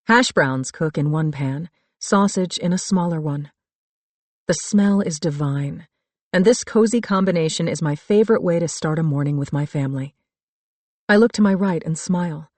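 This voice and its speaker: A middle-aged woman narrating a first-person thriller audiobook in a calm, reflective storytelling manner. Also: sits low, no room sound. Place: dry studio booth.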